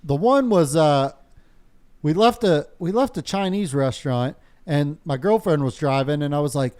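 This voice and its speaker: A man's voice: fairly high pitch, animated, normal speed, darkish tone. A man telling a rambling, profane story on a podcast, laughing often as he talks. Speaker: podcast co-host. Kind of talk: casual storytelling among friends.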